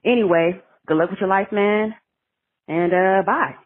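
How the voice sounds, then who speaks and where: A woman's voice: mid-range voice, measured pace, heavy background noise. A woman leaving a chatty, giggly voicemail for a podcast host, full of fillers. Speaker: caller. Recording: tinny phone line.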